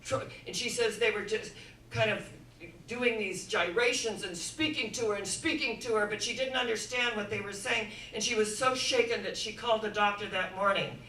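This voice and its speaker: Bright-voiced woman preaching in echoey room. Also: mid-range voice, normal speed, recorded from a distance, a little hiss or hum. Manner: dramatic storytelling, swinging from hushed to loud. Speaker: inspirational speaker. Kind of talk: sermon-like storytelling talk.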